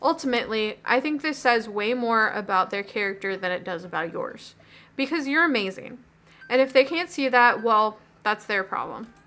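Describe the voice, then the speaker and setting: A woman voicing a caring, gently teasing father in a video game, in a high, bright voice. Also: expressive, normal speed. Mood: advising. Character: caring, jokey single father.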